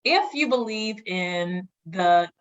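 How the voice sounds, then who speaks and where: A young adult woman, a podcast guest, telling stories in casual chat, animated and laughing often as she mimics others. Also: on the low side, slow pace. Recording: dull lo-fi sound.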